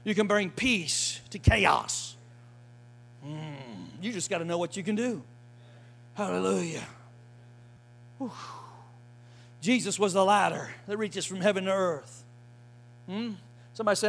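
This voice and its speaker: A man preaching a sermon with emphatic call-and-response, folksy phrasing, and shouted hallelujahs. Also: sits high, normal speed, creaky, pauses often. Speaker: pastor.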